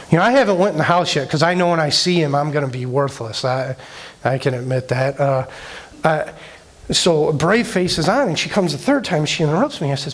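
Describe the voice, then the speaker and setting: A middle-aged man preaches in a loose, conversational way, telling a personal story full of fillers and restarts. His voice sits a little higher than most men's. He speaks as a church youth director. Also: fairly quick. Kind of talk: sermon storytelling.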